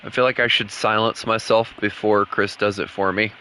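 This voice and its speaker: A man's voice: lowish voice, little pitch movement, moderate pace, hardly any pauses, pushed and bright, slight background noise. An American man streaming a game in casual chat, playfully teasing a friend. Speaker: gaming streamer.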